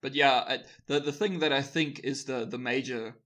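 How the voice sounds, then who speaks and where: A man co-hosting a casual podcast, reading out news items in a loose, rambling way. His voice sits at an ordinary middle pitch, and he laughs easily as he goes. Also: normal speed, fairly bright tone. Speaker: podcast co-host.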